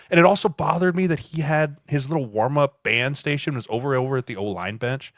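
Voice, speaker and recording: A man's voice: medium pitch, animated, moderate pace, hardly any pauses, fairly bright tone, dry recording, clean studio sound. A man co-hosting a podcast, a former offensive lineman ranting in an exasperated way. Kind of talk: casual chat.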